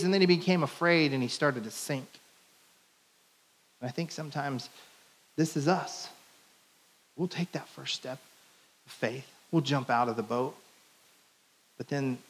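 A man preaching a sermon as pastor, telling stories with lively acted-out voices and small jokes. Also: mid-range voice. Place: church.

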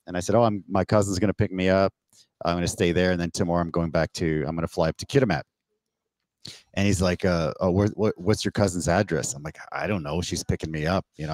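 Canadian guy telling stories over a call, real low voice, dry sound, gets loud and swears when he quotes people. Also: quick pace, dry recording. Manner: animated, swears, acts out quoted exchanges with rising pitch. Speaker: podcast guest. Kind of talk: casual storytelling on a remote call. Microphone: remote call mic.

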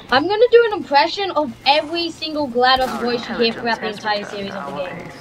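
A woman giving casual, chatty commentary while playing a game, excitable and jumping between topics. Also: a little high, fast talker, hardly any pauses, background noise. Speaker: gamer streamer.

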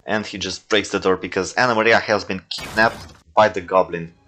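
A man's voice: low-pitched, steady tone, normal speed, sharp tone, a little hiss or hum. A young man who is not a native English speaker, casually commenting on his own toy movies, rambling with many fillers and self-corrections.

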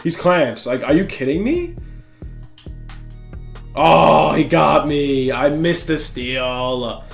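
A young man giving excitable, slangy running commentary over his own video game play as a gaming channel host. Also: fairly high pitch, slow pace, vocal fry, soft background music. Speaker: gaming YouTuber. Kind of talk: live gameplay commentary.

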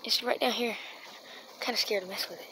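A woman's voice: on the high side, fairly quick. A woman vlogging outdoors at night, chatting and rambling to her viewers while holding a phone. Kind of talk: casual rambling vlog. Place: outdoors at night, yard and street. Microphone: phone held in hand. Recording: phone recording with steady background noise.

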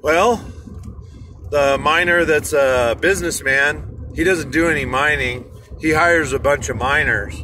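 Bright-voiced man talking while driving. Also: on the high side, measured pace, slight background noise. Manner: rambling, many fillers and restarts. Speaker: inspirational speaker. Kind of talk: motivational vlog storytelling. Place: car in rush hour traffic.

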